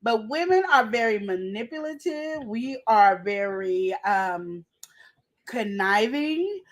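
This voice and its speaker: A woman hosting a casual relationship advice show, telling stories in an animated, slangy way. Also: on the high side, takes it slowly. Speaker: host.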